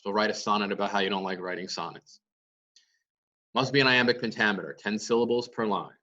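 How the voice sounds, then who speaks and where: A man's voice: lowish voice, a little fast, sharp tone, far from the mic, muffled recording. A male teacher giving a lecture, explaining step by step and answering his own questions. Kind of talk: classroom lecture.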